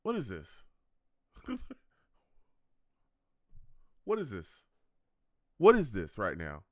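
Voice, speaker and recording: A man hosting a live football draft reaction stream, excitable and quick to laugh, with slangy banter. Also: fairly low pitch, no room sound, clean studio sound.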